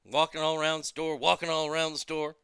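Man, profane storytelling rant, stuttering repeats, gravelly fry, very bright tone. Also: on the high side, monotone, fast talker, no room sound, studio quality. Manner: stammering, repeats words, swears often. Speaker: streamer telling a story.

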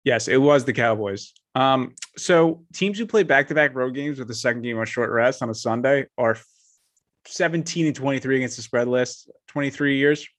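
A man's voice: mid-range voice, normal speed, a bit bright. A man co-hosting a casual sports betting podcast, reading off betting stats in a laid-back way.

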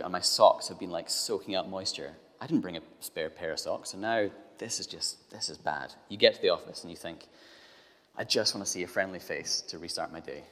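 A man's voice: sits low, a bit bright. A man giving a sermon, telling a comic everyday story with exasperated asides. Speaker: preacher. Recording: long hall reverb.

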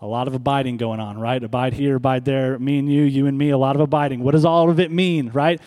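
A man preaching a sermon as pastor, stressing and repeating key words and slowing down for emphasis, speaking in a church sanctuary. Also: medium pitch, fairly even intonation, darkish tone. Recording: long hall reverb.

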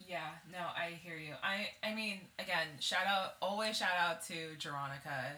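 A young woman co-hosting a casual podcast chat, an animated storyteller who laughs often and raises her voice acting out scenes. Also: fairly low pitch, normal speed. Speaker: podcast co-host. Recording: echoey room with faint noise.

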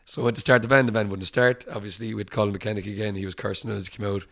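Irish guy with a lowish voice telling band road stories, does the voices, laughs a lot. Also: very fast. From Ireland. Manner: animated anecdotes, acts out quoted voices, laughs often. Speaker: musician guest. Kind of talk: casual storytelling interview.

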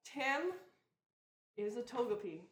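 A woman's voice: fairly high pitch, animated, slow pace, reverberant. A woman co-hosting a podcast, chatting casually in a teasing way with emphatic repeats. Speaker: podcast co-host. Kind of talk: casual group chat.

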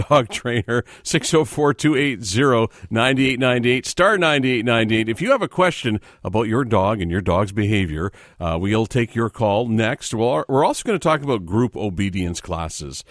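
A man's voice: mid-range voice, expressive, moderate pace, few pauses, a bit bright, no echo. A man hosting a radio call-in show from a studio mic, polite and a little apologetic. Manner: polite, apologetic, reads phone numbers. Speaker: radio host. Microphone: studio microphone.

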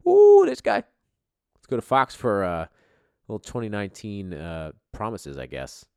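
A man with a very low voice hosting a podcast, bantering in a loose, profane way. His pitch swings widely as he gets excited and shouts. The sound is dry and close, with no room around it. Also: moderate pace, smooth, no echo. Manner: excitable, swearing, jumps in volume. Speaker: podcast host.

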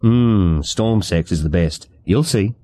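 A man voicing a confident grown man in an audiobook, speaking in a low, steady, coaxing way. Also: takes it slowly, no echo, studio quality.

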